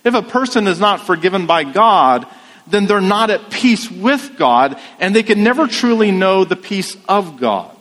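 A man preaching a sermon in a measured, emphatic way, asking rhetorical questions. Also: high voice, very animated, fairly bright tone, big-room sound. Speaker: pastor.

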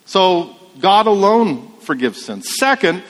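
A man preaching a sermon in a measured, emphatic way, asking rhetorical questions. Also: sits high, big pitch swings, a bit bright, long reverb tail. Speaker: pastor.

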